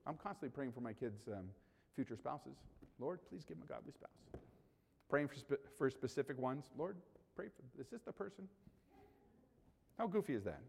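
Male pastor, slightly high voice, lively sermon delivery with loud and hushed turns, long hall reverb. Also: creaky. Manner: animated preaching, swings from loud to quiet, jokes with the congregation.

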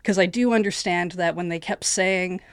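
A woman's voice: lowish voice, steady tone, moderate pace, clean tone, no echo, clean studio sound. A female streamer in casual panel chat, telling candid stories about her streams. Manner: candid, storytelling.

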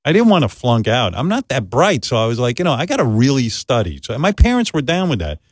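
A man hosting a talk show, telling a self-deprecating comic story in animated casual chat and jumping into quoted voices. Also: mid-range voice, brisk, slightly rough, no echo, clean studio sound. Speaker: host.

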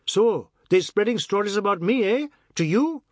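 A man doing a loud brash melodramatic man. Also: fairly high pitch, expressive, a little slow, no echo, pitched above the performer's own voice. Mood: angry bawling. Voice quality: breezy, bawling, melodramatic. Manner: speaks in clipped island dialect. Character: brash loud middle-aged man, boastful then maudlin.

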